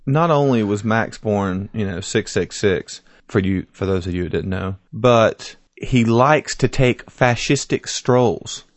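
A man's voice: on the low side, measured pace, hardly any pauses, no room sound. A man co-hosting a casual podcast, adding wry remarks about parenting. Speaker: podcast co-host, father. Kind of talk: casual chat.

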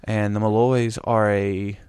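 A man's voice: fairly low pitch, flat delivery, slow pace, darkish tone, smooth, no room sound, studio quality. A man with a Southern US accent, co-hosting a podcast in a laid-back, rambling, joking way. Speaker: podcast co-host. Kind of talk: casual chat.

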